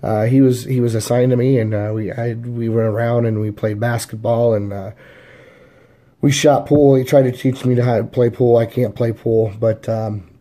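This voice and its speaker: A man in his thirties tells his life story in a loose, rambling way, stopping and restarting often and leaning on fillers. His voice is warm and dark in tone and sits at an ordinary pitch for a man. He is from the Chicago area. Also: fairly even intonation, normal speed. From Chicago area, USA. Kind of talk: casual personal storytelling.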